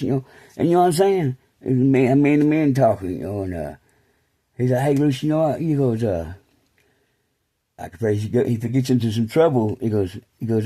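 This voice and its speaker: A middle-aged man tells loose, rambling stories in a relaxed, casual way. His voice is dark and mellow at a middle pitch, and he fills his talk with "man" and "you know," sinking low and quiet when he talks about faith. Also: moderate pace. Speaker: vlogger telling stories.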